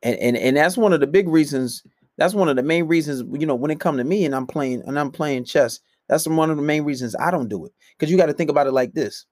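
A man giving blunt, profane dating advice in a casual monologue, swinging between loud outbursts and low mutters. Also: fast talker, dry recording.

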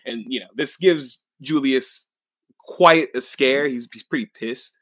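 A man's voice: medium pitch, unhurried, fairly bright tone, dry recording. A man co-hosting a podcast, casually retelling a manga chapter with lots of fillers and swearing. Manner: rambling, with many fillers and swearing. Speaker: podcast co-host.

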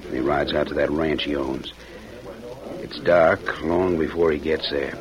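An actor playing a scheming outlaw who talks in a smooth, coaxing way in an old radio drama. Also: male voice, rumbling low, fairly even intonation, unhurried, crowd noise. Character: scheming scarred male outlaw, sly and persuasive. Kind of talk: 1940s radio acting. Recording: dull old radio recording.

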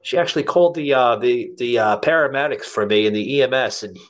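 A man hosting a podcast, telling a rambling, animated story full of restarts. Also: medium pitch, fast. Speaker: podcast host. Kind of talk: casual chat, storytelling.

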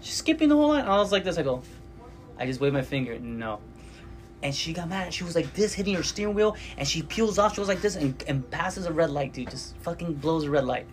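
A man with a slightly higher voice, chatting casually in a comic shop. He laughs a lot and breaks into little voices for the people in his stories. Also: expressive, quick pace. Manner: laughs often, acts out quoted people. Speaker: podcast host. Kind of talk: casual chat.

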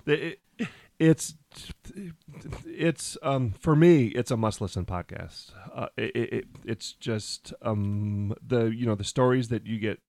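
A man's voice: medium pitch, takes it slowly, a little mellow, no echo. A man hosting a podcast who stammers through effusive praise for his guest. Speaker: podcast host. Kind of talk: casual chat.

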